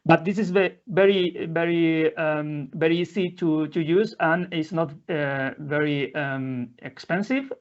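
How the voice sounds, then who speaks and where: A man presenting a live software demo in non-native English, halting often with fillers and restarting his sentences. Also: fairly high pitch. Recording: dull lo-fi audio.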